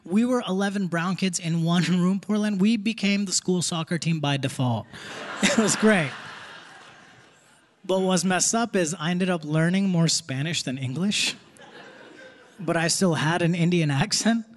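High-voiced man doing stand-up. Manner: quick, conversational punchlines. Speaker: stand-up comedian. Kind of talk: live stand-up set. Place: theater stage with live audience. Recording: live audience laughter, faint crowd noise.

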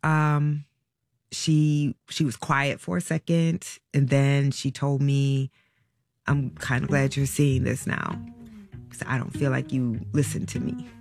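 Brief: soft-spoken mother, halting and reflective, with a gravelly edge, recorded dry and close. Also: a bass voice, flat delivery, dry recording, soft background music. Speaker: interview guest, parent. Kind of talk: emotional personal recollection.

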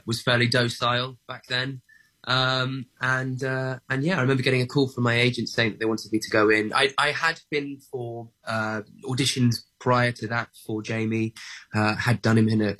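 A man's voice: mid-range voice, a bit bright. A man from England, an actor guest in a radio interview, answering thoughtfully with lots of "uh"s and restarts and a self-deprecating humor. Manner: hesitant, many fillers and restarts, self-deprecating.

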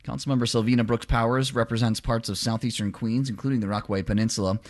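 A man reading local radio news and the weather in a brisk, plain way. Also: medium pitch, steady tone.

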